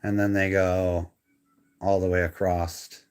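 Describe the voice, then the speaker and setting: A man's voice: low-pitched, flat delivery, takes it slowly, darkish tone, smooth. Chatty co-host man, casual rambling room-tour delivery, phone-filmed live stream at home. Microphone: handheld phone camera.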